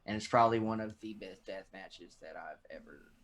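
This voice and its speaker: A man's voice: deep voice, moderate pace, slight background noise. A Texan man co-hosting a podcast, ranting in casual chat and swearing freely. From Texas. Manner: profane, animated rants. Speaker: podcast co-host.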